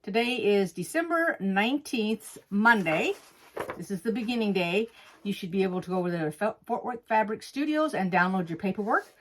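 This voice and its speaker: On her quilting channel, a woman walks through cutting fabric step by step, chatting in a folksy way and pausing to correct herself. Her voice is medium-pitched and expressive at a moderate pace, and she sounds slightly out of breath. It was recorded at a sewing table at home with slight background noise.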